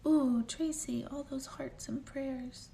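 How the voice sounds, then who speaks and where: A woman's voice: high voice, fairly even intonation, takes it slowly, vocal fry, dark tone, echoey room, a little hiss or hum. A woman doing a live psychic reading, talking in a chatty, rambling way with lots of "like" fillers as she answers her viewers. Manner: chatty, rambling, heavy use of "like". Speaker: intuitive medium.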